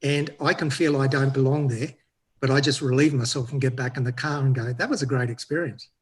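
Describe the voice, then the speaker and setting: Husky-voiced man caller, slow and playful. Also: mid-range voice, level tone. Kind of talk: casual chat.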